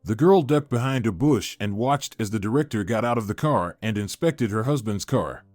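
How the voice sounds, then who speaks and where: A man reading a dramatic story aloud in an even, measured storytelling manner. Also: fairly low pitch, no echo, studio quality, faint music behind. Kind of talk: scripted story narration.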